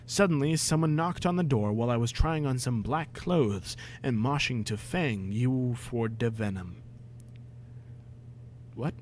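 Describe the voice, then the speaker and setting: A young man reading a badly written story aloud, breaking off for sarcastic, exasperated asides and shouted outbursts. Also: medium pitch, a little hiss or hum. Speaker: comedic reader. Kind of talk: dramatic reading with mocking commentary.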